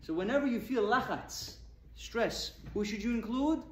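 Emphatic rabbi in an echoey room. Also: male voice, very high voice, lively intonation, moderate pace, a little hiss or hum. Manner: asks the audience questions, emphatic. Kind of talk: Torah talk to an audience. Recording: echoey room with faint ambience.

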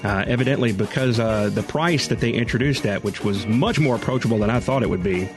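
A man's voice: medium pitch, fairly quick, music in the background. Joking male radio host. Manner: relaxed, joking, takes calls. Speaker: radio tech show host. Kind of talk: casual call-in radio talk.

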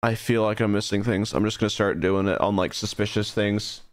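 A young man chatting casually while live-streaming a horror game, rambling and animated, with his voice jumping up high whenever he is startled. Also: a little fast, smooth. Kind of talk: casual gaming livestream chat.

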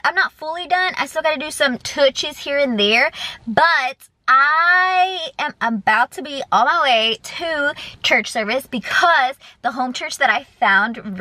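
Brief: young woman vlogger, chatty and excitable, a bit high, phone mic with clear background noise. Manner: chatty, excitable, lots of "y'all" and "like". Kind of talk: casual vlog chat to camera.

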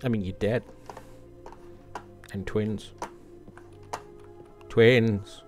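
A man's voice: lowish voice, fairly even intonation, extremely slow, faint music behind. A man commenting jokingly as he plays a horror game, mocking the monsters and talking to them. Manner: joking, sarcastic, talks to the monsters. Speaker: gamer playing a horror game. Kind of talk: let's play commentary.

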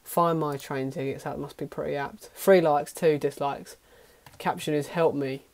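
A man's voice: on the high side, fairly even intonation, normal speed. A young man giving casual, self-mocking reaction commentary on his old videos, swearing often. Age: young adult. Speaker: YouTuber.

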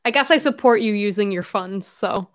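A woman's voice: mid-range voice, moderate pace. A young woman hosting her own livestream, chatting casually and rambling with frequent fillers and laughs.

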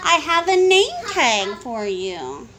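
A kind schoolteacher speaks in a gentle, measured way, as a woman reads her lines aloud. Her voice stays high and slow, with a lively sing-song lilt. Faint hum of a room behind. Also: heavily acted. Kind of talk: storybook read-aloud.

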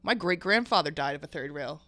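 A woman's voice: low voice, expressive, a little fast, pushed and bright. Young woman guest chiming in eagerly. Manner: chiming in, laughing agreement. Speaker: podcast guest. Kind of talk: casual storytelling chat.

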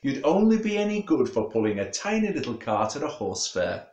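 A man voicing a big travelling horse who teases a small pony in an amused, gently mocking way. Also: mid-range voice, sing-song, brisk, roomy sound, pitched above the performer's own voice.

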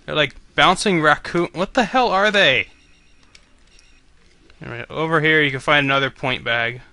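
Man, game commentary, profane, sarcastic, very bright tense voice, dry sound. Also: a little high, normal speed, no echo. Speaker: let's play commentator.

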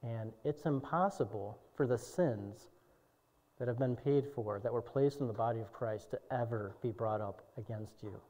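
A young man preaching a sermon, swinging from shouted climaxes to low, quiet passages. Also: normal speed. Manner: impassioned preaching, soaring to shouts and dropping low. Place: church sanctuary. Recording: dull recording with long church reverb.

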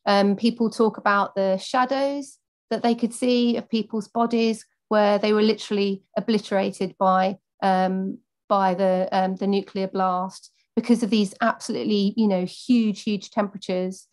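Woman, campaign speaker, earnest, off-the-cuff answers full of fillers, mid-pitched. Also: fairly even intonation, moderate pace. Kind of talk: prepared political speech and answering questions.

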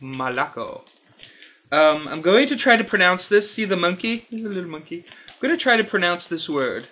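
An actor playing a fussy, squeamish male candy reviewer who hosts a comedy review, talking slowly and over-formally to camera. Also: high voice, sing-song, sharp tone, heavily acted. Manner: slow, overly formal, wildly swinging delivery.

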